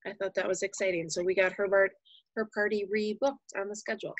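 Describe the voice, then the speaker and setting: A woman sales rep telling her story on a team call, rambling and filling pauses as she goes. Her voice sits mid-range, and the sound is dry. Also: mid-range voice, level tone, no echo, poor audio. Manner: rambling with many fillers. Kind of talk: casual meeting talk.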